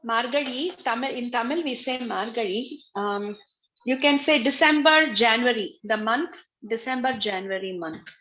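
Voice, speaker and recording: A woman giving a religious class over a video call, explaining slowly and patiently, often repeating her phrases. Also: on the high side, sharp tone, highs cut off. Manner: slow, repetitive, patient explaining. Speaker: spiritual teacher.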